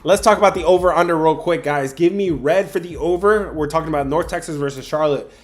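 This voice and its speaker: A man's voice: a little high, fast talker. A young man hosting a sports betting livestream, chatting casually with viewers about picks, with lots of fillers. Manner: chatty, addresses chat viewers directly, frequent fillers.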